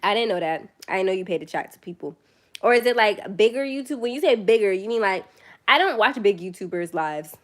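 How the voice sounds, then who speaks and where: A woman's voice: medium pitch, expressive, brisk. A young woman chatting casually on her first phone livestream, tired late at night, rambling and self-deprecating.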